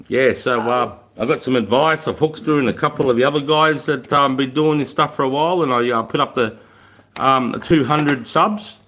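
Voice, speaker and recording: Australian man, casual live-stream chat, mid-pitched voice, rambling, easygoing, swears freely. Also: normal speed, a bit bright. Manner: rambling, laid-back, swears freely, often laughs. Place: room at home with a fire going.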